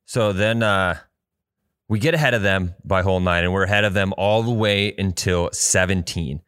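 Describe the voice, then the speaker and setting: This podcast co-host is a man with a low-pitched, fairly bright, clear and resonant voice, talking at a moderate pace. He rambles through a long story in casual conversation, cursing liberally, on a clean, echo-free studio recording.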